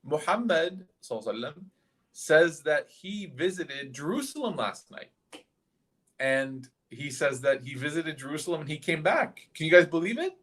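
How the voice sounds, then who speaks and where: A man putting on a high sneering mocker. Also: big pitch swings, moderate pace, fairly bright tone, breathy edge, heavily acted. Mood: mocking. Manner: mocking, sing-song. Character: sneering arrogant adult man mocking a crowd.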